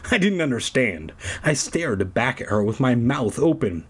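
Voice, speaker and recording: Sarcastic husky man reading aloud. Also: medium pitch, big pitch swings, normal speed. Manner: sarcastic, profane, digressive. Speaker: reader of a children's horror book. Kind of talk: comedic read-aloud with ranting asides.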